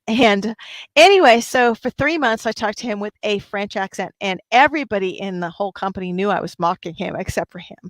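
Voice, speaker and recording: A woman's voice: mid-range voice, lively intonation, brisk, no room sound. A woman hosting a livestream, chatting casually and upbeat with her viewers. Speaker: livestream host.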